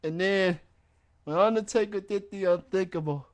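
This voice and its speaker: A man's voice: sits high, normal speed. A man hosting a wrestling radio show in casual chat, rambling and laughing at his own jokes.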